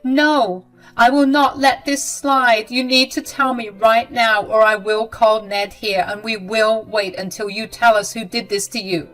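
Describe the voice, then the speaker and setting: A woman's voice: fairly high pitch, steady tone, a little slow, fairly bright tone, faint music behind. A woman voicing a protective young bride who speaks emphatically and with outrage. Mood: alarmed.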